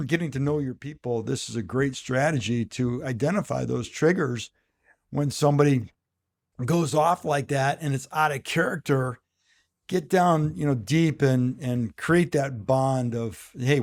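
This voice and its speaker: A man's voice: mid-range voice, a little mellow. A man hosting a podcast interview for sales managers, affirming his guest and rambling with restarts. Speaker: podcast host.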